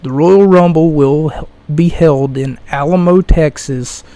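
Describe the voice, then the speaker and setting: A young man hosts his own podcast alone, ranting in a mocking tone with sudden loud bursts of passion. He talks at a slow, drawn-out pace in a fairly high voice. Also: no room sound. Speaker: podcast host. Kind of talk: solo podcast rant.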